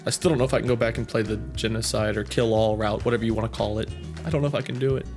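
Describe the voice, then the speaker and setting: A man's voice: fairly low pitch, fairly even intonation, rapid-fire, darkish tone, faint music behind. A man in his thirties hosting a gaming channel, casually reading out viewer comments in a rambling, self-amused way. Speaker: YouTube gaming channel host.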